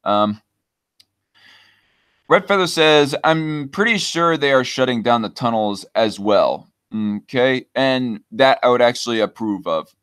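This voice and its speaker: A man's voice: medium pitch, expressive, measured pace, fairly bright tone, clean tone. A man hosts a loose, casual podcast and reacts to viewer comments as they come in. He talks hesitantly, trailing off and restarting often, with a mid-range voice. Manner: hesitant, many fillers and restarts. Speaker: podcast host reading chat comments.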